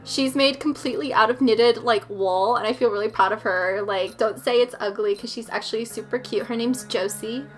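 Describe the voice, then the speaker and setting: A woman's voice: fairly high pitch, moderate pace, hardly any pauses, faint music behind. A young woman hosting a let's play, chatty and opinionated, giggling often and saying "like" a lot. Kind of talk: casual gameplay commentary.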